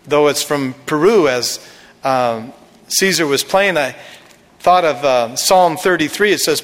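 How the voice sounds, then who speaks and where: A man serving as pastor preaches a sermon, spinning folksy stories and working in jokes. His voice is fairly high-pitched with a fairly bright tone, trailed by a long reverb.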